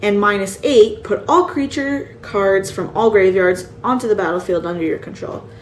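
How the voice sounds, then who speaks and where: A tired, yawning woman showing off a card game box set, slowly reading out card names and sometimes unsure how to say them. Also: mid-range voice. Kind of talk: casual show-and-tell. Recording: echoey room with faint ambient noise.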